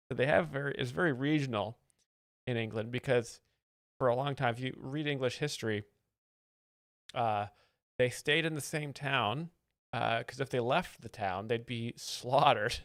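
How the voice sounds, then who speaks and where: A man on a live stream explains comedy in a deadpan, faux-expert tone, reading out viewer donations between clips. His voice has a gravelly edge. The sound is dry and close, with no room around it. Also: medium pitch, measured pace, pauses often, dry recording. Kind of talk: deadpan mock-expert commentary.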